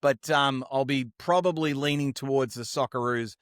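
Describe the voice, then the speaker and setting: A man's voice: mid-range voice, normal speed, fairly bright tone, clean tone, dry recording, clean studio sound. A man co-hosting a sports podcast, chatting upbeat and slangy about the week's games. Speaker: podcast co-host. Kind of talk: casual sports chat.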